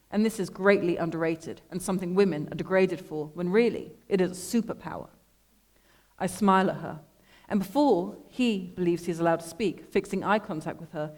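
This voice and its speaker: Woman reading her prose, dry and measured. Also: medium pitch, a little mellow. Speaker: artist reading her own text. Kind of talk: literary reading to an audience. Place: lecture room at an art school. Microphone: microphone.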